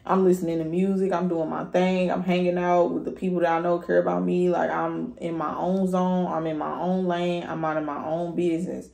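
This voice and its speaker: A woman's voice: on the low side, little pitch movement, a little fast, vocal fry, hardly any pauses, darkish tone, roomy sound. A woman giving a casual tarot reading, blunt and profane, talking straight to her viewers. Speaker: tarot reader.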